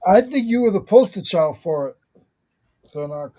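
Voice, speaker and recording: Husky-voiced man from New England, joking. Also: sits high, lively intonation, moderate pace, dark tone, dry recording. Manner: joking, teasing. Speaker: co-host. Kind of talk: casual group chat.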